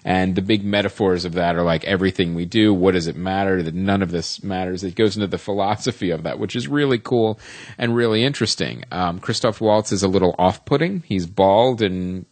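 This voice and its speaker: A man's voice: sits low, a little fast, a little mellow, no room sound. A man co-hosting a film podcast, reviewing a movie in casual chat, rambling with many ums and restarts.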